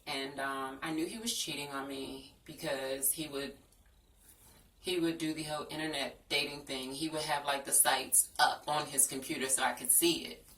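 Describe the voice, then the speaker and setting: A woman's voice: low voice, fairly even intonation, moderate pace, a bit bright, a little hiss or hum. A young woman telling a personal story in a frank, earnest storytime vlog. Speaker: vlogger. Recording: echoey room, distant from the mic.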